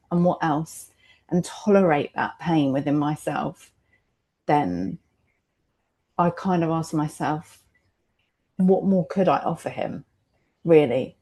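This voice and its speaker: A woman's voice: deep voice, warm tone. A mother in a candid roundtable conversation, speaking reflectively and emotionally, often laughing between her thoughts.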